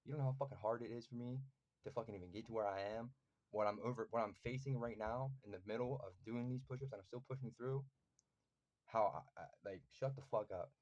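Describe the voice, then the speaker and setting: A man's voice: mid-range voice, fast talker, a little mellow, lo-fi sound. A man in a casual vlog, ranting intensely and angrily with constant profanity. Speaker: vlogger.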